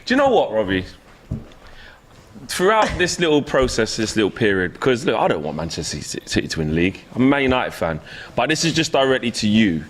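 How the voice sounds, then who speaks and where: Rich: A man on a football panel speaks in a mid-pitched, animated voice. He is playful but explains his point with emphasis. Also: quick pace, slight background noise. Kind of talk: casual banter.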